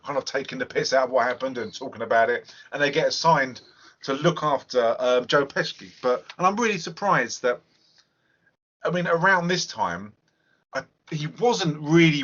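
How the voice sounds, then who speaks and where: A man's voice: medium pitch, fairly bright tone. A man hosting a casual film review podcast, talking in a chatty, hesitant way. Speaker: podcast host. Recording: lo-fi podcast audio.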